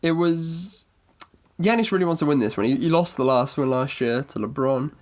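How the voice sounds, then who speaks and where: A man's voice: on the high side, expressive, moderate pace. A man co-hosting a podcast, talking in a rambling, self-correcting, mock-serious way. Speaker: podcast co-host. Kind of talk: casual sports chat.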